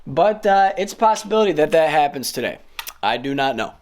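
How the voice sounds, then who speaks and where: Out of breath, a man vlogs his day at home straight to camera, laid-back and self-mocking, swearing now and then. His fairly high voice swings widely in pitch, the pace is fairly quick and the tone darkish, in an echoey room with faint noise.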